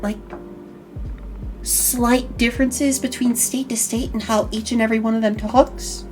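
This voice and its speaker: Lively high-voiced woman hosting a chat. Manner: animated, jokey, drops into put-on accents. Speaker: talk show host. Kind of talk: casual chat on a vtuber stream.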